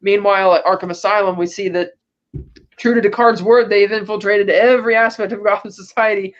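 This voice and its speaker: Man, high-pitched voice, podcast co-host, casual rambling movie recap, paraphrased quotes, dull lo-fi audio. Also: fairly even intonation, a little fast.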